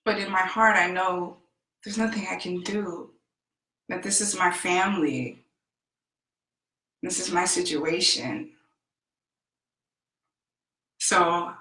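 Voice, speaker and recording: Slow-spoken woman with a bright voice. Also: fairly low pitch, reverberant, rough recording. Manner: slow, heartfelt and emphatic. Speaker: self-help vlogger. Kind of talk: personal storytelling.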